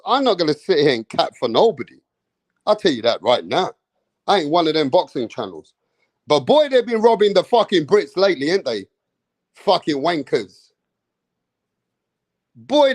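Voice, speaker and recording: High-voiced man ranting angrily. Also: a little mellow, no echo. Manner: angry, mocking, profane, heavy slang. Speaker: boxing commentator. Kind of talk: profane boxing rant.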